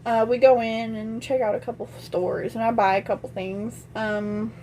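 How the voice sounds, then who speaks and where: A woman's voice: on the high side, level tone, moderate pace, mellow, slight background noise. A young adult woman vlogger casually telling a personal story, chatty and full of "and I'm like" retellings.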